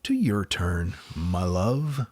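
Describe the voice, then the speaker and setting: Male co-host, animated intonation, playful quick reactions in casual chat. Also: low voice. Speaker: podcast co-host.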